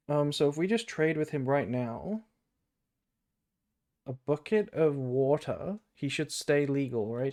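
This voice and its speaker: A man's voice: medium pitch, a little mellow. A man with a British accent streaming a game, thinking aloud in rambling casual chat. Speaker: gaming streamer.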